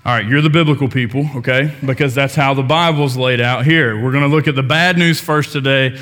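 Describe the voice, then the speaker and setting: A young adult man preaching a casual sermon as pastor, joking with the congregation and filling pauses with ums and restarts. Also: mid-range voice, a bit bright.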